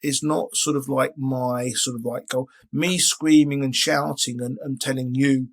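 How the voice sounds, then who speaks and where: A man's voice: medium pitch, fairly even intonation, a little slow, gravelly. A man around sixty, a guest in a casual interview, talking in a rambling way with many restarts. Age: 60s. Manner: rambling, frequent restarts and filler phrases.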